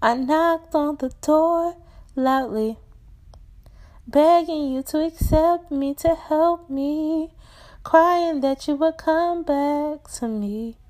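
A woman's voice: high-pitched, slow pace, darkish tone, pitched above the performer's own voice. A woman voicing a desperate, tired woman from the past who pleads and accuses in a strained, crying voice in a spoken word poem. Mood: pleading. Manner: repetitive, pleading, emotional.

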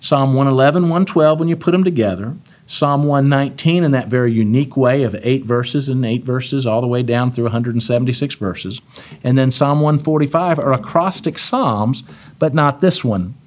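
A man's voice: medium pitch, moderate pace, a little mellow. A man teaching a Bible study, reading scripture aloud with emphasis and talking in a casual way.

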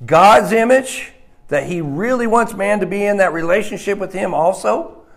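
A man preaching a sermon, swinging between loud stressed words and hushed, low lines. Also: moderate pace, vocal fry. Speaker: pastor.

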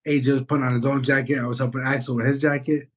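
A man co-hosting a podcast, telling a story in an animated, rambling way and swearing often. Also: mid-range voice, racing, husky. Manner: animated, rambling, swears, says "bro" and "you know what I'm saying". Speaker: podcast co-host. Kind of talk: casual storytelling chat.

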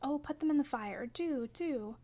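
A woman's voice: sits high, measured pace, warm tone. A woman voicing a willful teenage girl who pleads in urgent, tearful bursts. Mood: pleading.

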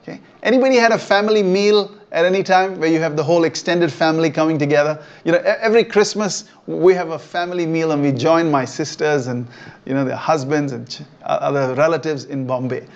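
High-voiced pastor preaching casually. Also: male voice, muffled recording. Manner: conversational, checks in with "okay?" often. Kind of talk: sermon. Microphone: online church stream.

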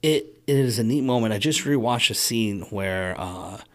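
A man co-hosting a casual podcast, chiming in with relaxed remarks and agreement. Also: lowish voice, moderate pace. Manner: easygoing, chimes in with agreement and short remarks. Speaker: podcast co-host. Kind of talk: casual film discussion podcast.

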